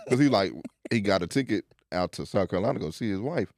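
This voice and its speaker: A young man hosting a casual podcast chat, telling a story in an animated way and acting out the people he quotes. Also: on the low side, quick pace. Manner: animated storyteller who acts out quoted voices. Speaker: podcast host.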